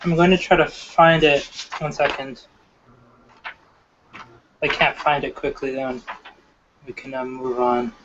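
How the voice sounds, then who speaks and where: Brief: inquisitive man, slightly high voice, stop-start delivery, lo-fi call audio. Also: background noise. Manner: inquisitive, halting. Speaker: Bible study participant. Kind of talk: casual group discussion.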